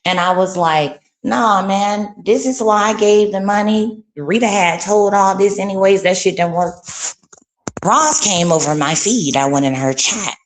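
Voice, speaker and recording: A woman telling a heated story in casual, profane speech, breaking into loud, high exclamations. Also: a little slow.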